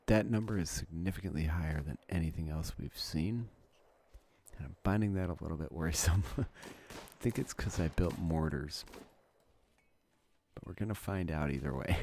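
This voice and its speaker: A man's voice: deep voice, gravelly, darkish tone, a little hiss or hum. A man from Wisconsin giving casual gameplay commentary, thinking aloud and chuckling often. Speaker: let's play gamer.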